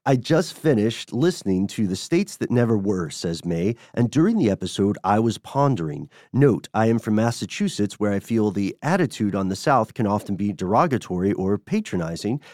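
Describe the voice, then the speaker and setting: A man's voice: on the low side, sing-song, moderate pace, hardly any pauses, a little mellow, no room sound, studio quality. A man from Tennessee co-hosting a podcast, reading listener mail and chatting in an easygoing way, laughing often. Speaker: podcast co-host. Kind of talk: casual podcast chat.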